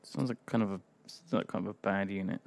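A man chatting casually while playing a strategy game with friends, excitable and quick to break into high-pitched squeals. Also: creaky. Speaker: gamer on a group video call. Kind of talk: casual gaming banter.

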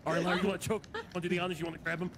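A young man chatting with friends during an online game, excitable and bossy as he gives orders. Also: sits high, noisy background. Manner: excitable, bossy, fast-talking. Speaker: gaming friend. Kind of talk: casual gaming chat.

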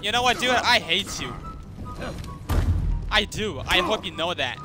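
Young guy yelling at teammates while he plays, high voice, swears a ton, game music behind. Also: a little slow. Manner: excitable, trash-talking, swears a lot. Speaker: gaming YouTuber. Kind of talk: casual gameplay commentary.

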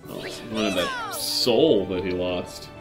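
Unhurried guy narrating his game playthrough, dry jokey asides, bit of game music underneath. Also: deep voice. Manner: dry, self-mocking jokes. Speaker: gameplay host. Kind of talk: casual let's-play commentary.

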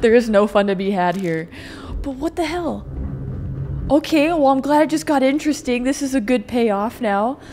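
A woman streamer excitably talking to herself while playing a game, swearing and reacting loudly. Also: on the high side, a little fast, hardly any pauses. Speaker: gameplay streamer. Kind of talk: let's play commentary.

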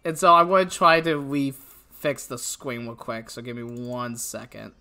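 A woman's voice: a bass voice, unhurried, pushed and bright. A woman streamer chatting casually on a live stream, rambling, giggly and self-deprecating.

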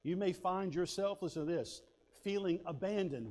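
Folksy preacher man, fairly high voice. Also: normal speed, hardly any pauses. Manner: folksy storytelling, swings between loud and hushed. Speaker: pastor. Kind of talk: sermon with personal stories.

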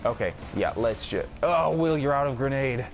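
A man's voice: mid-range voice, animated, normal speed, gravelly. A man giving casual gameplay commentary, rambling and mocking himself as he plays. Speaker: gaming video creator. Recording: game music underneath.

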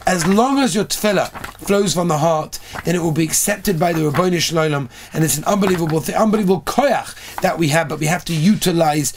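A man's voice: a little high, fairly quick, few pauses, a little hiss or hum. A man, a rabbi, giving an earnest sermon on prayer, telling stories and building emphasis.

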